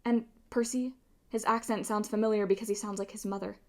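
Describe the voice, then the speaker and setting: A sharp, defiant teenage girl who speaks up in a raised, pointed voice, read by a woman. She sounds quick and unimpressed. It comes from a home-read storybook. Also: medium pitch, level tone, natural voice.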